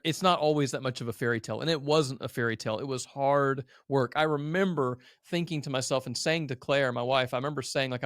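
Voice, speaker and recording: A man's voice: mid-range voice, fast talker, dry recording. Earnest guy in his 30s telling his story on a podcast, emotional, self-described crier, dry sound. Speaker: guest, agency owner. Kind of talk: candid conversational storytelling.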